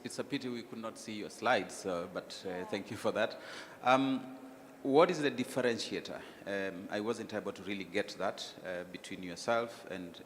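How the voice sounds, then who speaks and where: A man on a jury panel asking polite, halting questions. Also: fairly low pitch, a bit bright. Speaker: jury member. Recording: long reverb, faint noise.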